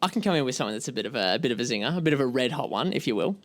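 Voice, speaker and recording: A man's voice: medium pitch, lively intonation, racing, no room sound. An Australian man hosting a casual chat, wry and jokey, as a drummer. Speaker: channel host and drummer.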